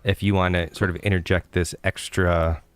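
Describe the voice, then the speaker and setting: Man, game master, deep voice, smooth, relaxed, dry sound. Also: moderate pace, no room sound. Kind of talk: running a tabletop game.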